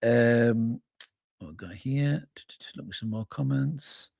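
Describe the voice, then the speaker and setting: Speaking slowly with vocal fry and a darkish tone, a fan channel host reacts live to a match, casually reading out chat comments and addressing viewers as mate. His mid-range voice is captured in studio quality, free of room sound.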